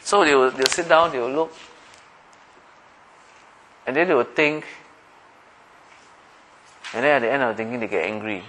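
Preaching in a conversational style, this middle-aged pastor keeps turning to his listeners with questions and mimics everyday voices. He speaks at medium pitch and a moderate pace with long pauses, his tone pushed and bright, and the recording is rough.

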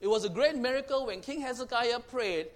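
A man with a high-pitched voice preaches a sermon. He moves between booming proclamations and hushed, close passages, and drives his points home by repeating phrases. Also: brisk. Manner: swings from loud proclaiming to hushed intimate tones; repetitive, emphatic phrasing.

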